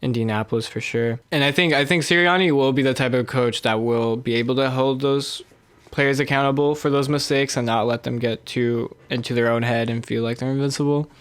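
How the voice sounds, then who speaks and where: A young man in a casual sports chat, his voice recorded dry and close with no room sound. He talks in a measured way, leaning on fillers as he works through his points. His pitch sits in the middle for a man. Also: fairly even intonation, fairly bright tone, clear, resonant tone, dry recording. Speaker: podcast co-host.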